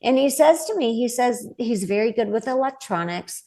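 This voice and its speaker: A woman's voice: on the high side, expressive, normal speed, dark tone. A woman in her forties, a guest medium, telling her story earnestly in a casual interview and acting out the voices she quotes.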